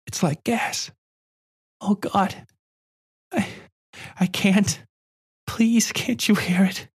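A man voicing a frightened, lonely little girl who pleads in a soft, high voice. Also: fairly even intonation, extremely slow, breathy edge, exaggerated voice. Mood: frightened pleading.

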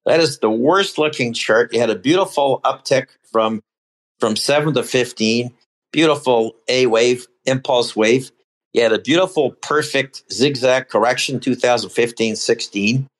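An older man, a former equity salesman, talking through stock charts in a casual chat, rambling with many fillers and restarts. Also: mid-range voice. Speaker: podcast guest, former institutional equity salesman.

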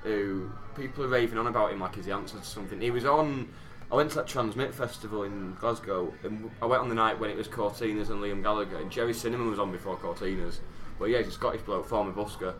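A man's voice: fairly low pitch, quick pace, hardly any pauses, a bit bright. A man in his early thirties, a guest, chatting casually with jokey quips and frequent laughter. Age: 30s. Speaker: guest musician. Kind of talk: casual chat.

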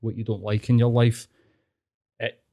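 A man's voice: lowish voice, level tone, moderate pace, creaky, dark tone. A man with a Scottish accent, talking bluntly and earnestly as a podcast guest in casual chat.

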